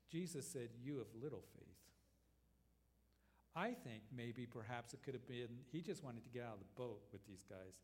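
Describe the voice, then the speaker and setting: A man delivers an earnest expository sermon, the long reverb of a church sanctuary trailing his words. He reads scripture and acts out quick lively asides. His voice sits at a middle pitch. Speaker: pastor.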